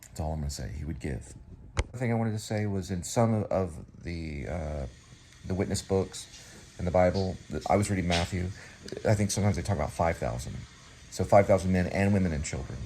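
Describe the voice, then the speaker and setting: A man's voice: low-pitched, noisy background. A man hosting a casual home vlog, rambling and reflective, often circling back to correct himself. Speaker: vlog host.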